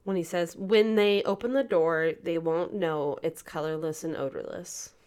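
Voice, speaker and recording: A woman's voice: fairly low pitch, steady tone, moderate pace, a little mellow, clean tone. A woman co-hosting a casual talk podcast, speaking earnestly and reading text messages aloud in a plain voice. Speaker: podcast co-host.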